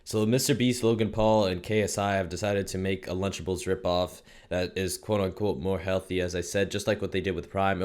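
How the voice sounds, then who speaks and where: A man's voice: fairly even intonation, brisk, few pauses. A young man ranting casually in a rambling, profane, slangy way, often ending lines with "bro" or "man.". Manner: swings between loud outbursts and low mutters. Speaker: commentary streamer. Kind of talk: casual commentary rant.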